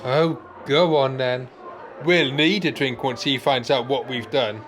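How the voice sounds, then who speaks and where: A man's voice: medium pitch, steady tone, measured pace, fairly bright tone, faint music behind, a faint crowd. A man playing a timid, pedantic pensioner in a comedy sketch, fussy and meek.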